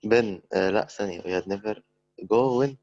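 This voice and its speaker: Hesitant deep-voiced male student. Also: fast, darkish tone, no echo, highs cut off. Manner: hesitant, unsure answers. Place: remote video call.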